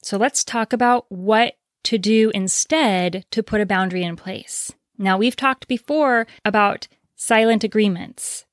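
A woman's voice: medium pitch, measured pace, few pauses, dry recording, clean studio sound. A woman hosting a solo advice podcast, explaining her points directly and asking rhetorical questions. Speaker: podcast host.

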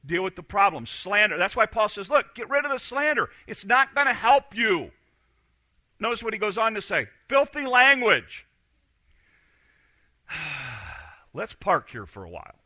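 A man preaching a sermon as pastor, swinging between loud emphatic lines and quiet, confiding asides. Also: high-pitched, sing-song, normal speed, no room sound.

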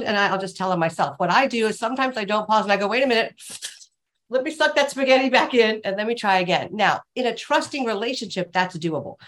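A middle-aged woman who coaches leaders talks through her advice. Her manner is reflective and emphatic, and her pitch sits in the middle of the usual range. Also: fairly bright tone.

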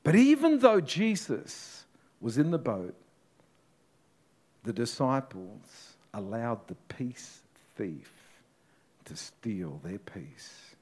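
A man preaching a sermon as a pastor, telling the story dramatically and swinging from loud to hushed. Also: mid-range voice, sing-song, slow, pauses often, slightly rough.

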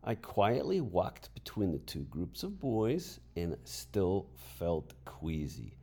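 A man telling a funny story from his teaching days as a podcast host, in a lively and amused way. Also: low voice, slow pace, vocal fry, slightly rough. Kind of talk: storytelling narration.

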